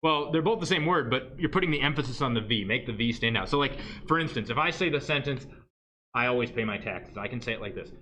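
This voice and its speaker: A man's voice: medium pitch, expressive, fast talker, bright, forceful tone. A male math teacher giving a livestreamed lesson in a joking way, often checking in with "right?". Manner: joking, asks "right?" constantly.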